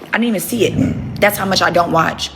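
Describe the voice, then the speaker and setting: A woman's voice: on the low side, fairly quick, background noise. A woman livestreaming casually from home on her phone, blunt and profane, breaking off to talk to her dogs. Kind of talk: casual live chat with viewers.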